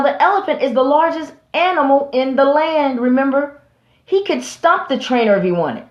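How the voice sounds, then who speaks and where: Emphatic woman preaching in a roomy space. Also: a little high. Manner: emphatic, rhetorical, addressing listeners directly. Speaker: host and preacher. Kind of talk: preaching to an audience. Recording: roomy, slightly dull recording.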